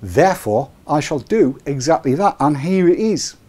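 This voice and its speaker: Middle-aged man, fairly high voice, jokey rambling host, casual webcast chat. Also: expressive, normal speed, a little mellow. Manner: joking, rambling, chuckling asides. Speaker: show host.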